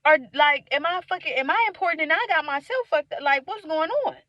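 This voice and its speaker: A young woman venting in a candid, profane monologue, swinging from loud outbursts to low mutters. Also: a little fast, no echo, muffled recording. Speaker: vlogger.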